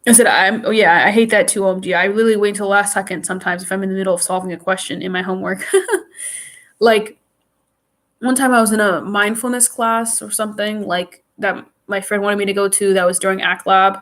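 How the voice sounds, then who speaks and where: Woman, stuffy nose, casual live stream chat, rambling, restarts sentences, mid-range pitch. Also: flat delivery, a little fast, fairly bright tone. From New York.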